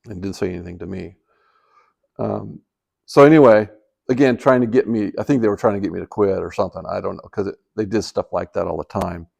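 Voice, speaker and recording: A man's voice: lowish voice, brisk, vocal fry, a little mellow. An older man in retirement telling a personal story in a casual, rambling way, with many fillers and restarts. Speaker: vlogger telling life stories.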